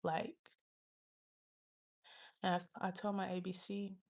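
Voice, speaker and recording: This livestream host, a woman in her twenties, has a mid-range, somewhat dark voice with little pitch movement. She rambles casually through a slangy story for her viewers, acting out other people's lines with quick asides and dropping to a whisper whenever she swears.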